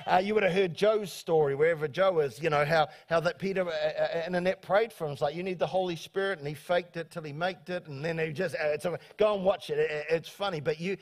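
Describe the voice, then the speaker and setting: High-voiced halting male pastor. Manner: halting, repeats words often, calls for amens. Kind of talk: sermon. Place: church sanctuary.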